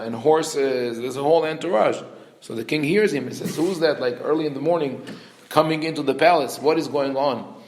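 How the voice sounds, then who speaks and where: A man teaches a Torah class as a rabbi. His voice sits at a medium pitch, and he reads Hebrew verses fast before explaining them. He acts out the characters' lines with lively intonation, and the room gives the recording a noticeable echo. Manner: explains verses, reading Hebrew quickly then translating.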